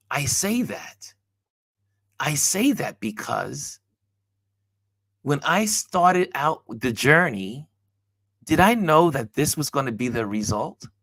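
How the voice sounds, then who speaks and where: Gravelly-voiced man telling a lively story. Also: fairly low pitch, no echo, studio quality. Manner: animated storyteller acting out dialogue. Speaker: host. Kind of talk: motivational storytelling monologue.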